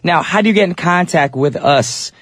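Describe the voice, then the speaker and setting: A man's voice: high voice, normal speed, a bit bright, dry recording, clean studio sound. Upbeat male radio DJ, a little sick. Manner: upbeat, chatty, addresses listeners directly. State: a little sick, voice deeper than usual. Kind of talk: live radio DJ patter. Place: radio studio.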